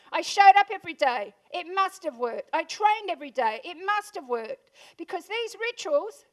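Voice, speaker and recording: A high-pitched Australian woman speaks to a live audience in an event room. Her delivery is punchy, and she keeps asking the crowd questions. She sounds like a motivational speaker on stage. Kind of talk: motivational keynote talk.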